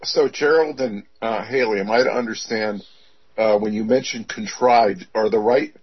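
A man speaking on a call-in radio show, halting and self-deprecating as he asks questions. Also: on the low side, breathy edge, dull audio.

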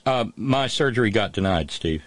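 A middle-aged man hosting a live show, talking haltingly with many restarts in a calm, consoling way. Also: lowish voice, very noisy. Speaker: host. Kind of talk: emotional live show talk.

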